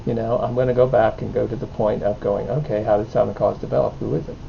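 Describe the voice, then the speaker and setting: A man's voice: lowish voice, fairly even intonation, fast talker, gravelly. A middle-aged man, a father, talking in a rambling podcast conversation and often restarting his sentences. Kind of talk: casual conversation. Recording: dull lo-fi with faint noise.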